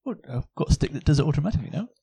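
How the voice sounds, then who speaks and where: A man playing a tabletop game, teasing the others with quick banter. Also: on the high side, lively intonation, vocal fry, mellow, husky, no room sound, clean studio sound. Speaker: player. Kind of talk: casual tabletop game chat.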